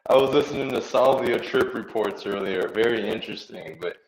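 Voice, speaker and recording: A man's voice: fairly low pitch, brisk, a crowd in the background, rough recording. A man chatting casually as a guest on a livestream, in an easygoing, chummy way. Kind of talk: casual chat.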